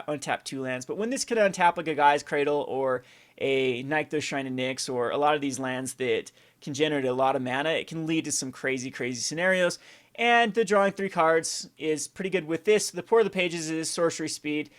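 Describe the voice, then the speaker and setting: A man with a slightly raised pitch chats through a card review in a loose, rambling way. He circles back and restarts his thoughts often, with eager enthusiasm. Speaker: card game channel host. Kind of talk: casual card review commentary.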